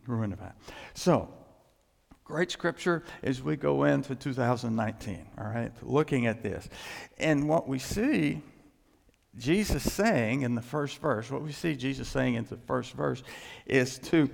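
A male pastor preaching a sermon in an emphatic way, climbing in pitch and loudness to stress his points. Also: lively intonation, a little slow, creaky. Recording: long reverb in a large hall.

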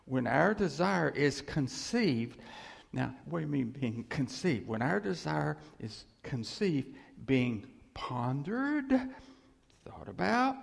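An older man giving a casual, folksy sermon, chuckling often and teasing himself, with a gravelly voice. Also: a little high. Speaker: preacher. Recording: reverberant hall.

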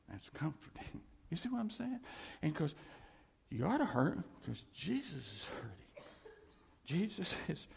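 A man preaching a sermon as pastor, earnest and repetitive, often dropping to a soft voice. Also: mid-range voice, vocal fry, breathy edge, in a large hall.

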